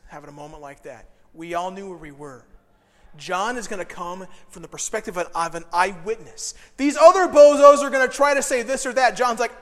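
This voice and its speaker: A male pastor preaching a sermon, telling stories with animated, acted-out quotes. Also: high voice, fairly quick. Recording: long hall reverb.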